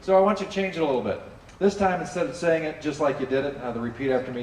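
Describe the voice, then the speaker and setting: A man preaching a sermon to a congregation in a relaxed, conversational way, often asking listeners to join in. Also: fairly high pitch, rapid-fire, a little hiss or hum. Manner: conversational, animated, drops in playful character asides. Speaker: pastor. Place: church sanctuary with a congregation. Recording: roomy hall, distant mic, faint ambience.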